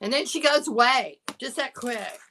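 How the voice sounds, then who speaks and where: A woman's voice: fairly high pitch, normal speed, pushed and bright, a little hiss or hum, rough recording. A woman hosting a live sale. She chats casually, laughs often and shows items one by one.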